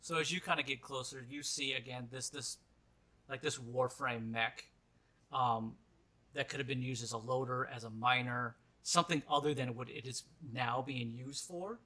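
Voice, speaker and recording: A man's voice: mid-range voice, fairly even intonation, moderate pace, bright, forceful tone. A man narrating as game master of a tabletop role-playing game, rambling with lots of "like" and "kinda".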